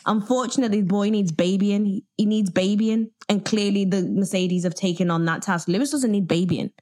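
A woman co-hosting a sports podcast in casual chat, telling stories in a relaxed, dry, matter-of-fact way. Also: medium pitch, a little fast, hardly any pauses. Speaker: podcast co-host.

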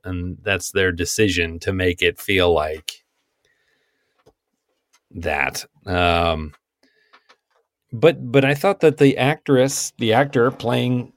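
A middle-aged man chats about movies with animated, wry asides. His voice sits mid-range. The sound is dry and close, with no room echo. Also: mid-range voice. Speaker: podcast co-host. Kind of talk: casual film discussion.

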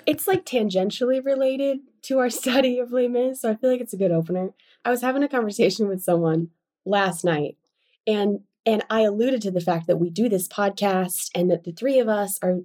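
A woman with a soft, breathy voice co-hosts a relaxed book podcast. She talks chattily, pokes fun at herself and laughs often. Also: medium pitch, brisk. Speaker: podcast co-host. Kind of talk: casual book-club podcast chat.

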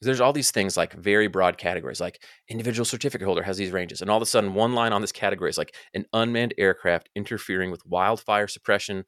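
A man in a casual podcast talks quickly and loosely, piling "like" fillers into his explanations. His voice is low, and the recording is dry and close. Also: a bit bright, no room sound. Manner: fast, filler-heavy talk with frequent "like". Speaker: drone training founder and guest expert.

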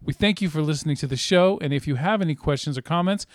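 A man's voice: on the high side, fast, no echo, studio quality. A man hosting a movie podcast, playful and teasing, with jokey asides. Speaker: podcast host. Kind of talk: casual chat.

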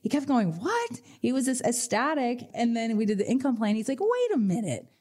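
A woman financial advisor hosting a radio finance show, telling lively client stories and acting out their reactions. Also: a little high, a little fast. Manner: energetic storyteller, acts out client voices.

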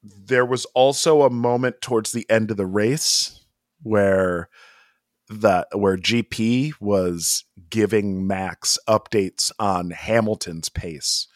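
A man's voice: lowish voice, slow, no room sound, studio quality. A man co-hosting a podcast, chatting in an amused, rambling way full of asides. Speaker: podcast co-host. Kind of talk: casual chat.

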